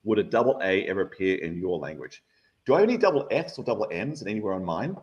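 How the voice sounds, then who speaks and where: A man's voice: on the low side, sing-song, quick pace, muffled recording, a little hiss or hum. A man giving a live online maths lesson, explaining number patterns in an enthusiastic, playful way. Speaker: guest maths educator.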